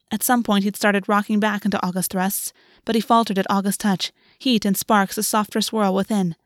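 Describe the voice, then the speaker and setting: A woman narrating a fantasy novel in a measured, steady reading voice of middling pitch. The sound is dry and close, with no room echo. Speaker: audiobook narrator. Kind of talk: scripted narration.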